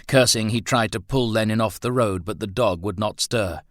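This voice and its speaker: A man narrating a thriller audiobook in a measured, steady reading. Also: fairly low pitch, dry recording, studio quality.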